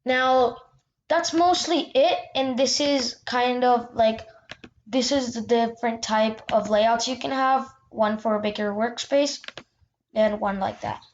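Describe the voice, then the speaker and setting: A woman's voice: a little high, fairly even intonation, a little slow, dull audio. A woman hosting a casual screen-recorded tutorial, talking loosely with restarts and little fillers. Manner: chatty, loose, with restarts and "yeah". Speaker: tutorial host.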